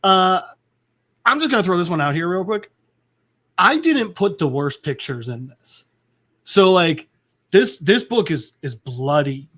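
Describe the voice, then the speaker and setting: A podcast host talks a listener through a comic book scene. His voice sits a bit high for a man. He rambles, stumbles and fills his speech with "like". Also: expressive, measured pace, pauses often, a bit bright. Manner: rambling, full of "like" and restarts. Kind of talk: casual comic book recap.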